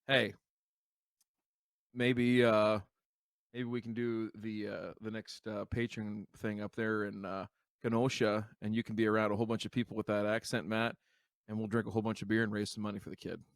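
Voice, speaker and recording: A man with a lowish voice co-hosting a podcast, recorded close and dry with no room sound. He talks casually and earnestly, turning reflective before easing into a joke. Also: little pitch movement, moderate pace, clean tone, no room sound. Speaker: podcast co-host. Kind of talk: casual chat.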